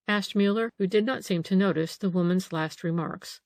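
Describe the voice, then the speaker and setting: A woman narrating a mystery audiobook in an even, measured reading. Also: on the low side, no room sound. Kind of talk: scripted narration.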